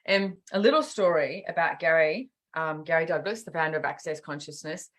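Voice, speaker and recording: Her voice deep and her pace brisk, a middle-aged woman podcast host shares stories in casual conversation. She brings them to life by performing the quoted lines.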